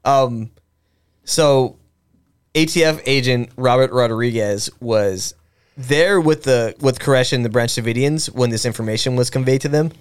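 A man's voice: medium pitch, a little slow, smooth. A young man co-hosting a podcast, telling a history story in a loose, rambling way with fillers, restarts and swearing. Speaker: podcast co-host. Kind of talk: casual conversational storytelling.

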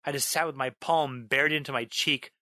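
Bright, dry male storyteller narrating horror. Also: medium pitch, fairly even intonation, no echo. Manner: dramatic, slows down on a repeated line, bursts into yelling.

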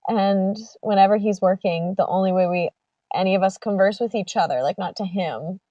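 A giggly young woman co-hosting a podcast. She sounds set back from the mic, dry and muffled, with a lo-fi edge. Her voice sits at a middle pitch. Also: normal speed, dark tone, no echo. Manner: giggly, tries out joking accents. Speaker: podcast co-host. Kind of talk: casual chat. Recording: dry, distant, muffled lo-fi audio.

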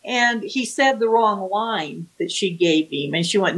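A woman's voice: medium pitch, lively intonation, measured pace, fairly bright tone, husky, rough recording. A woman, an author, recounting a true crime case in a vivid, dramatic way, acting out the quotes. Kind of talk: storytelling with acted-out quotes.

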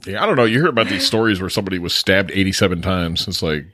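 A man's voice: low voice, racing, fairly bright tone, no echo, clean studio sound. A man in a casual movie chat, joking around and chuckling often.

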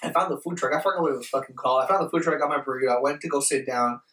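A young man telling a story in casual chat, animated and profane, acting out the voices he quotes. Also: mid-range voice, racing. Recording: roomy, mic at a distance.

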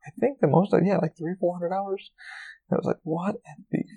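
A man's voice: high voice, fairly even intonation, fast talker, vocal fry, dark tone, lo-fi sound. A man hosting a solo podcast, rambling casually with lots of swearing, fillers and restarts. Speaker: podcast host.

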